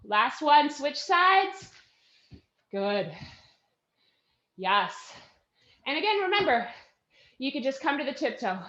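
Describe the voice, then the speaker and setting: A woman's voice: high-pitched, very animated, slow, pauses often, fairly bright tone, roomy sound, muffled recording. A woman leading a live workout class, counting reps and cheering her team on while out of breath. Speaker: fitness instructor.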